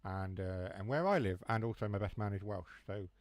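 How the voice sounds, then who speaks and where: A train sim streamer from near Mansfield, England chats casually, rambling through jokey asides at a normal speed. His low voice carries a broad Huthwaite, Nottinghamshire accent with dropped H's and T's. The recording is dry and close, with no room sound at all.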